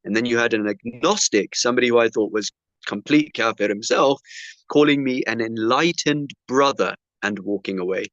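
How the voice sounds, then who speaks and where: A male preacher telling a personal story in a sermon, acting out the dialogue with lively shifts of voice. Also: mid-range voice, normal speed, no room sound, muffled recording. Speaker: Muslim preacher.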